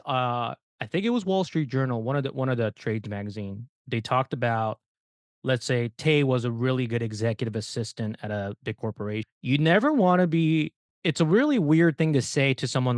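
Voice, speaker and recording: A man's voice: medium pitch, animated, moderate pace, dry recording. A young man telling stories in a casual podcast chat, ranting and swearing, often laughing as he goes. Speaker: podcast guest. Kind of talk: casual storytelling.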